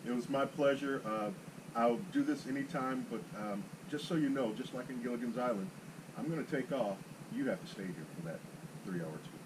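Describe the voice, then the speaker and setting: A man's voice: medium pitch, normal speed, background noise. A man guesting on a golf chat show, retelling a round with dry, mock-serious humor. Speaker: guest golfer. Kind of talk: casual chat.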